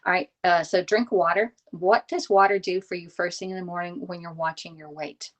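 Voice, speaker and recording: A woman's voice: on the low side, steady tone, fairly quick, a bit bright. A woman, hosting a casual live-stream cooking demo from her home kitchen into a phone camera, greeting viewers by name and checking in with "okay?" as she goes. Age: 50s. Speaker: live-stream host demonstrating recipes. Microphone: phone camera on a stand.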